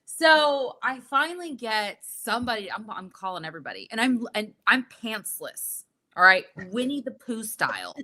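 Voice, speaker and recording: A young adult woman telling a story in casual podcast chat, animated and profane, acting out what people said. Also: fairly high pitch, normal speed, few pauses. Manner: animated, profane, acts out quotes.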